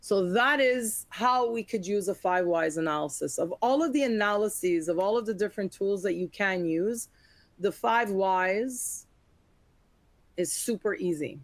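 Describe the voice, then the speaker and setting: Female auditor, 40s, webinar presenter. Mid pitch, dry sound. Lively storyteller who acts out the dialogue. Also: a little slow, no echo. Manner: animated storytelling, acting out quoted dialogue. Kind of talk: webinar teaching with anecdotes.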